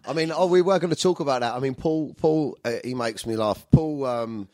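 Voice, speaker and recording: A man, telling rough stories in casual chat, swearing often and laughing as he goes. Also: mid-range voice, a little fast, dark tone, no echo, clean studio sound.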